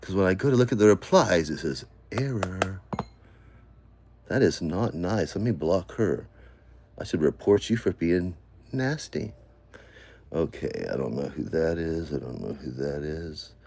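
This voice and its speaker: Brief: deep-voiced male vlogger, casual, mumbles while scrolling, flares into rants. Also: expressive, a little slow, creaky. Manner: muttering to himself, then ranting loudly. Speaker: online commentary vlogger. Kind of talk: rambling casual commentary while scrolling comments.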